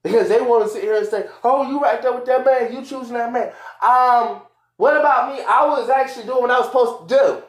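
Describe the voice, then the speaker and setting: Furious man yelling in an echoey room. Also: extremely high pitch, a little fast. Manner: angry, profane, repetitive shouting. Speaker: live stream host. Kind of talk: heated argument on a live stream.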